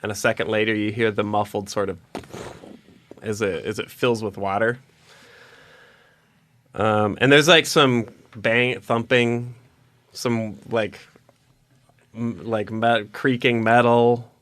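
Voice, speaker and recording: Rambling dungeon master. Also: male voice, on the low side, fairly even intonation, slow pace, long pauses, a bit bright. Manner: rambling, many fillers and restarts. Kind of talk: narrating a tabletop game.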